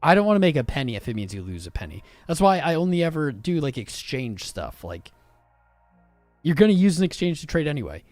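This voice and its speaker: Animated male crypto streamer, casual. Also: a little high, fairly quick, no room sound, faint music behind. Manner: animated, swearing, informal and excitable. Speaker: crypto livestream host. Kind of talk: casual livestream chat reading viewer comments.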